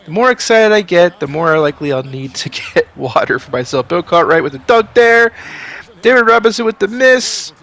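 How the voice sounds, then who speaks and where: Guy calling a basketball sim, kinda sick, gravelly voice that jumps all over. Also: sits high, normal speed. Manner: swings from calm asides to excited shouting. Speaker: video game sim commentator. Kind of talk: play-by-play commentary.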